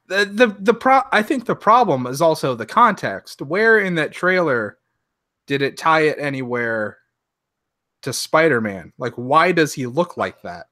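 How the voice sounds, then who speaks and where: A man co-hosting a podcast in casual chat, animated, acting out reactions and often restarting his sentences. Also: fairly high pitch, unhurried, dry recording, clean studio sound. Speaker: podcast co-host.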